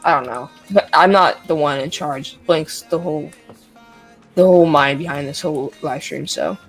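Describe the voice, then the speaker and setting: A man co-streaming a video game, joking around and apologizing after loud panicky outbursts. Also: on the high side, moderate pace, faint music behind. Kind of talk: casual gaming livestream chat.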